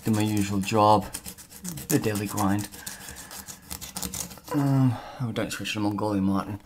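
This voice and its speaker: Low-ish guy rambling thru a vlog while scratching a map, lots of ums, bit of hiss behind. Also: fairly even intonation, unhurried, a little mellow. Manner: rambling, chatty, many fillers. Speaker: travel vlogger.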